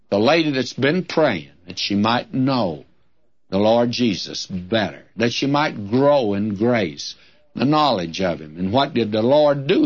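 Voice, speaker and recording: An older man giving folksy, earnest Bible teaching on the radio, with a homespun and drawn-out delivery. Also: mid-range voice, breathy edge. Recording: dull lo-fi old radio recording.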